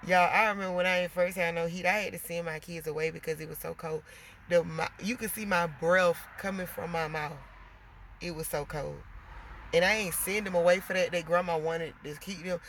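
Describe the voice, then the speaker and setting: Woman vlogger, gravelly and sharp-toned, chatty venting with plenty of cussing. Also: fairly low pitch, fairly even intonation, normal speed, a little hiss or hum. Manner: chatty, swears freely, keeps addressing viewers as y'all. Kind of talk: casual venting to viewers.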